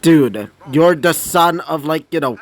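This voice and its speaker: A man's voice: fairly high pitch, lively intonation, measured pace. A man voicing an exasperated teenage boy hero in a casual, incredulous tone.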